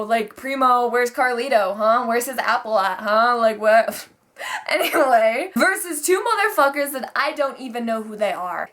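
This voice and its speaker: A young woman casually recapping wrestling, chatty and profane, often acting out the wrestlers in quick bits. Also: on the high side, a bit bright.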